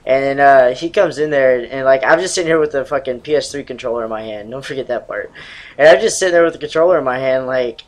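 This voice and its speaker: A man's voice: medium pitch, fast talker, low-quality recording. Twenties guy rambling over gameplay, cussing a lot, laughing, normal mid voice. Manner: rambling, profane, laughs often. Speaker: gaming channel host. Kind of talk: casual gameplay commentary.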